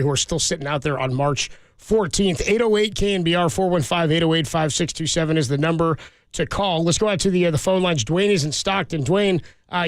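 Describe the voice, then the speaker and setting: Fast-talking sports radio host, man. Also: a little high, dry recording. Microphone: studio microphone.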